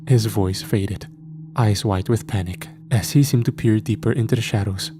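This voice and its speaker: A man narrating a scripted horror story at a slow, measured pace. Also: fairly low pitch, dark tone. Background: faint music.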